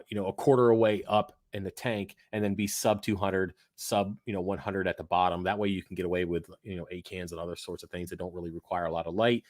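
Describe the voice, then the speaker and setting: A man with a lowish voice hosts a live-stream Q&A in a loose, rambling way, joking at his own expense and swearing freely. His voice is wearing thin from talking for a long time. The sound is close and dry, with no room echo. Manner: blunt, profane, rambling, self-mocking. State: losing his voice. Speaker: host of a live aquarium Q&A. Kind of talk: casual live-stream chat.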